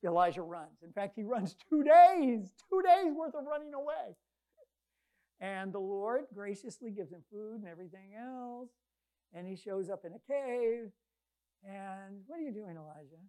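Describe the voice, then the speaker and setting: A woman delivering a sermon in a conversational, storytelling way. She acts out the people in her scripture stories with quick changes in loudness, rising for big moments and dropping low for quiet ones. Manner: conversational, animated storytelling with quoted voices. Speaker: preacher.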